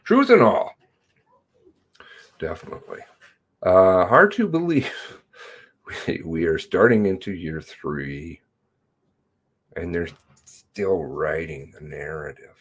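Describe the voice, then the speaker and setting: Male streamer, lowish voice, unhurried, sardonic, reads chat aloud. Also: expressive, breathy edge. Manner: drawling, sardonic, greets viewers by name. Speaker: livestream host reading chat. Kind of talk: casual livestream chat.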